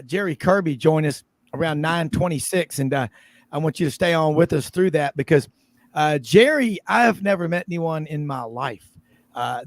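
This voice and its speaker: A man's voice: a little high, no room sound. A middle-aged man, hosting a sports radio show in a rambling, casual way full of fillers.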